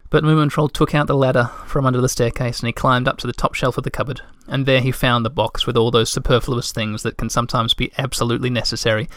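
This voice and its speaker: A man reading a children's storybook aloud in a gentle, measured way. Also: medium pitch, little pitch movement, no echo, studio quality. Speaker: narrator.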